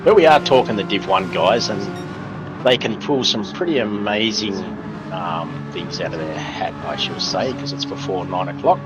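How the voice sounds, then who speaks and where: A man co-commentating a sim race live, chatting through the action in a relaxed way. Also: lowish voice, normal speed, over loud music, poor audio. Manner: relaxed, chatty analysis with fillers. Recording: loud race car noise behind. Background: race car engine noise.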